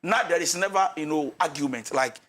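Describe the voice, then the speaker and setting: Giving marriage advice as a pastor on a talk show, a man with a Ghanaian accent alternates English and Twi and acts out couples' quarrels in an animated way. His voice is on the high side, a little fast and a bit bright.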